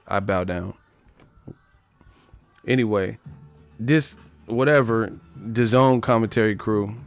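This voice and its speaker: A man's voice: medium pitch, no echo. Rambling, profane male livestreamer. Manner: rambling, profane, laughing storytelling. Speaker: livestream host. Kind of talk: casual profane boxing talk.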